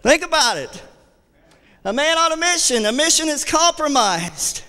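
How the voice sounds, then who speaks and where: An associate pastor delivers a fervent sermon in a large church sanctuary, his extremely high voice very animated and sharp at a moderate pace. He repeats key phrases and reads scripture aloud in old-fashioned wording.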